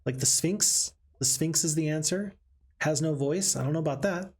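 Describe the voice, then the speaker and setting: Male game streamer, slightly high husky voice, talkative, reads chat aloud, light background music. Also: moderate pace. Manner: chatty, reads chat aloud, excitable outbursts. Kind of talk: live game commentary with chat.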